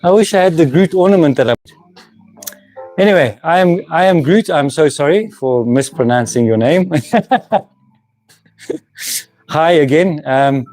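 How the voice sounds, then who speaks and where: The woodworking channel host, a South African man, speaks unhurriedly with long pauses in a slightly high, darkish voice. He chats casually with live stream viewers, laughing often and restarting sentences. Soft music plays in the background, and audio comes from a camera mic on a moving handheld camera.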